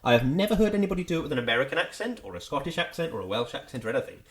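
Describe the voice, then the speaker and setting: Animated man ranting casually. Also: a little high, very fast. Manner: animated, exasperated, laughing rants. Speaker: podcast co-host. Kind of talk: casual chat.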